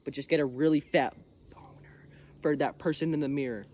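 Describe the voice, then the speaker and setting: Out in the woods, a young man films a casual vlog on his phone, giving an earnest, rambling pep talk packed with crude slang. He speaks briskly with long pauses, in a slightly high, slightly mellow voice with fairly even intonation. A little hiss or hum sits under faint birds and insects.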